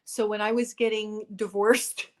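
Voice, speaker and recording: A woman hosting a casual interview chat, lively and playful with her guest. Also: medium pitch, measured pace. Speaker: host.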